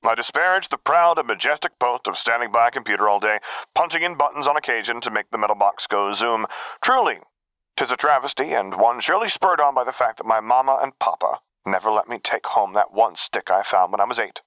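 A man voicing a sarcastic female soldier with a dry, deadpan manner. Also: mid-range voice, fairly quick, no room sound, muffled recording, pitched above the performer's own voice. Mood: mock tragic. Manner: dry, deadpan, mock-lamenting. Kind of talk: audiobook character voice.

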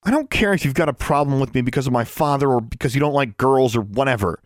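A bold, stubborn schoolgirl from a storybook, put on by a man reading aloud. The voice sits well above his usual low register and pushes back with sharp, daring lines, recorded close and dry. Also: quick pace, dry recording, lightly acted. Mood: defiant. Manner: pitched high, sharp and challenging.

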